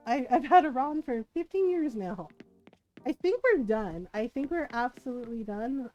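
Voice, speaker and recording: A woman in her fifties chats casually while streaming a game, telling stories and ending her sentences with "right?" a lot. Her voice sits high with a warm tone, and the sound is lo-fi.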